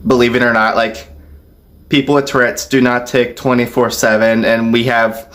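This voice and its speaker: A man vlogging a casual storytime, chatty and loose, laughing softly between phrases. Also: medium pitch, fairly even intonation, normal speed, slight background noise. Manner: loose, filler-heavy talk.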